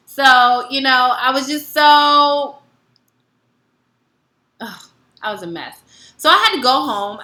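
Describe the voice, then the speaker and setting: Woman wellness educator, bright lively storyteller, roomy echo. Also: mid-range voice. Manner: animated, acts out both sides of dialogues. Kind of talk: casual teaching with personal stories.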